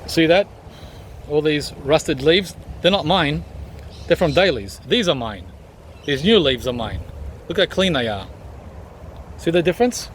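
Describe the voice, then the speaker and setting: With lively intonation, a gardening vlogger rambles through his backyard garden, pointing things out and saying um often. He's a little high-pitched and unhurried, pausing frequently, and a bit of hiss or hum is audible.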